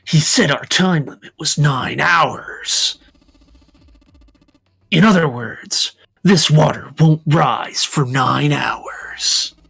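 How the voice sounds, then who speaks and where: A reader voicing a careful, composed prince in a slow, measured, half-whispered delivery. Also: mid-range voice, vocal fry, a bit bright, breathy edge, exaggerated voice. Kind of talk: group reading of a visual novel.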